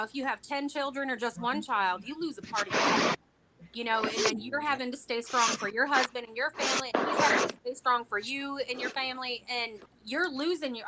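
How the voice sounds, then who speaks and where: Supportive woman, loud noisy background. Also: fairly high pitch. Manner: reflective, supportive, repeats phrases to build a point. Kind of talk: conversational interview. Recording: loud background noise with clicks.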